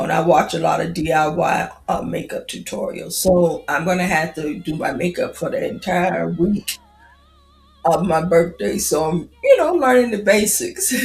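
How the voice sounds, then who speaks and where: A woman's voice: lowish voice, gravelly, a little mellow, roomy sound, poor audio. A woman in her fifties chatting casually on a livestream, greeting viewers by name. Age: 50s. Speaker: livestream host.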